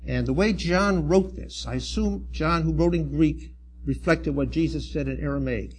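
A middle-aged man, a church elder, preaching a sermon in an earnest, halting way with restarts and emphatic swells. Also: fairly high pitch, a little hiss or hum.

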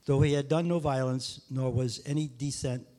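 A man reads a scripture passage aloud in a steady, measured way. His voice is mellow and warm, with a middle pitch for a man. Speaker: scripture reader. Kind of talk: scripture reading.

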